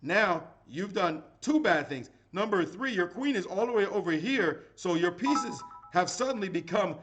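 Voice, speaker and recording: A middle-aged man giving live chess commentary as a grandmaster, animated and playful, with dramatic exclamations. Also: high voice, normal speed, music in the background.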